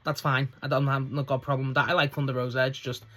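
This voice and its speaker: A man's voice: mid-range voice, little pitch movement, fast, bright, forceful tone. A man giving a casual, rambling solo review of a wrestling show, swearing and laughing as he goes.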